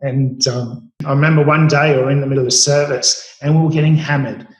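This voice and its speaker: A man's voice: medium pitch, steady tone, fairly quick. A man in his late forties with an Australian accent, telling stories about his cooking career with many fillers and restarts. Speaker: chef guest. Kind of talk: storytelling interview. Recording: roomy echo.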